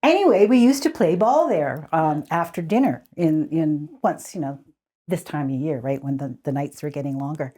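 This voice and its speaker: A woman in her seventies from the Squamish Nation, telling childhood stories in a relaxed interview, often laughing. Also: low-pitched, moderate pace. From Squamish Nation, Canada. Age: 70s. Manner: animated, laughing, restarts sentences. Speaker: community elder guest. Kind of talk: conversational storytelling.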